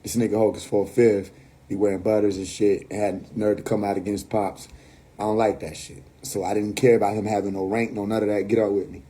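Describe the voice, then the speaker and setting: Livestream host, New York man, husky tone, blunt and profane, casual rant on a phone mic. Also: lowish voice, flat delivery, brisk, dark tone. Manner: blunt, profane, laughing asides.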